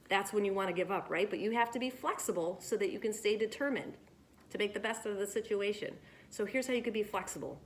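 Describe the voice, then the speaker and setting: A woman teaching children after reading a picture book, gentle and encouraging as she talks straight to them about handling disappointment. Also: fairly high pitch, fairly even intonation, brisk, slight background noise.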